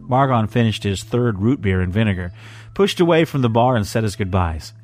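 Brief: man reading sci-fi fan fiction, lowish voice, faint music under. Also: expressive, a little fast, a little mellow. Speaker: story reader.

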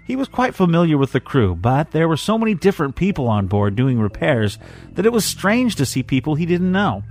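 A man narrating a fan fiction story in a measured, even way. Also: a little high. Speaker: story reader.

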